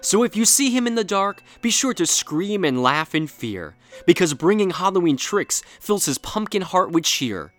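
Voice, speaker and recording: A man narrating a rhyming Halloween story in a playful, expressive storybook style. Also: sits high, normal speed, few pauses, no room sound, soft background music.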